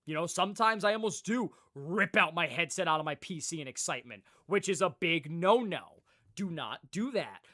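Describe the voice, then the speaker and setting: Lively young man rambling to his stream. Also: a little high, moderate pace. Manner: animated, rambling, swears freely, laughs often. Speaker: livestreamer. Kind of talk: casual chat with live viewers.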